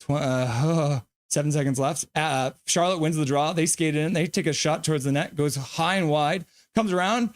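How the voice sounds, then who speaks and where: A man hosting a live hockey stream, calling the play eagerly and quickly and reading viewer comments aloud. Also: a little high, no echo.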